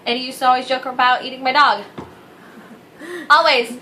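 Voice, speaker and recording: Bright, wry young woman co-host. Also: high-pitched, flat delivery, normal speed, a little hiss or hum. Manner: wry, laughing asides. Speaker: vlog co-host. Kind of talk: casual chat.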